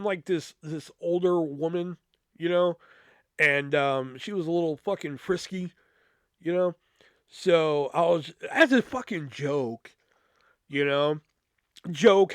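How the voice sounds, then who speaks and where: Brief: man podcaster, raised pitch, profane rambling storyteller, dry close sound. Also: smooth, no echo. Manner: profane and rambling, full of fillers and asides. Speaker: podcast host. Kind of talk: casual comedic storytelling.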